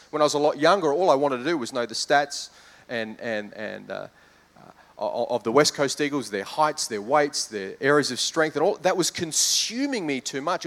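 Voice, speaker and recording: A man, a pastor with children, preaching a sermon in a conversational way that builds to fervent emphasis. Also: on the high side. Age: adult with children.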